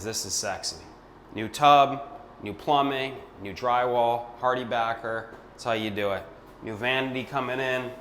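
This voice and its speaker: A man's voice: mid-range voice, fairly bright tone, in a large hall, a little hiss or hum. A man, a real estate investor, walking through a renovation and talking in punchy, hyped short phrases. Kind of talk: walkthrough vlog. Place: empty house under renovation, indoors.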